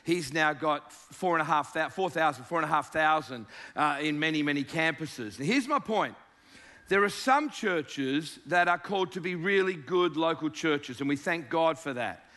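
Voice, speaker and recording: A man's voice: on the high side, expressive, normal speed, bright, forceful tone. An Australian man in his fifties, a guest preacher giving a jovial, joking sermon to a church crowd.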